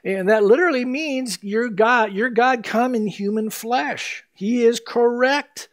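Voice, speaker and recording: A man's voice: very high voice, unhurried. A middle-aged male pastor giving a conversational, earnest sermon, teaching verse by verse. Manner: earnest, conversational teaching with emphatic quoted lines.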